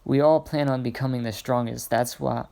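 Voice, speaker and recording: Man reading an eager young crewmate in a fan story; loud, slow, gravelly. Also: medium pitch, steady tone, close to an everyday voice.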